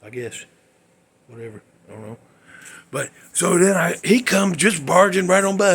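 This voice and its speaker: A man's voice: high voice, expressive, normal speed, gravelly, fairly bright tone, husky. A man hosting his own show, telling a dream story in a rambling, folksy, exasperated way. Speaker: host. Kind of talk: comedic storytelling monologue.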